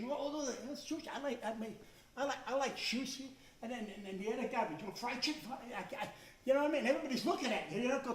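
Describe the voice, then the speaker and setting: A stand-up comedian, a man in his fifties, telling chatty, self-mocking stories with quick asides and putting on little voices. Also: very high voice, fairly bright tone. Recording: echoey stage sound from a distance.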